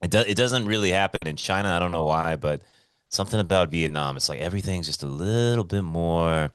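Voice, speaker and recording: A man's voice: sits low, a little fast, smooth, no room sound, studio quality. A man co-hosting a podcast over a remote call, telling stories in a laid-back, swearing, casual way. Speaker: podcast co-host. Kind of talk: casual chat.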